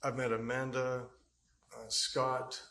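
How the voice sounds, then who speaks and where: A trial witness tells his story at length in court, hesitating and rambling with lots of fillers, picked up by an echoey courtroom mic. He speaks slowly at a medium pitch with little pitch movement, vocal fry, and a pushed, bright quality.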